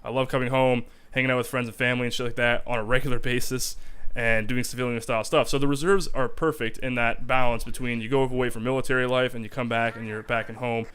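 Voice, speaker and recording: A young man rants casually to camera, cursing constantly and piling on emphasis. His voice is smooth and resonant, sitting at an everyday middle pitch. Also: little pitch movement, quick pace, fairly bright tone. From Canada. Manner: profane, rambling, emphatic. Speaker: army reservist vlogger. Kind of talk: casual vlog rant.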